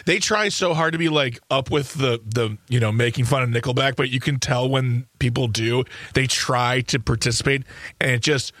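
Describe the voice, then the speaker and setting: A man's voice: mid-range voice, moderate pace, a bit bright, no echo. A man co-hosting a radio chat, making wry, sarcastic asides. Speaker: radio co-host.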